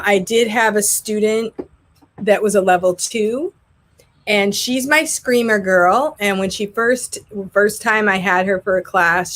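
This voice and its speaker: A woman who teaches English online, chatting casually and telling rambling stories about her classes. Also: mid-range voice. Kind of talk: casual vlog chat.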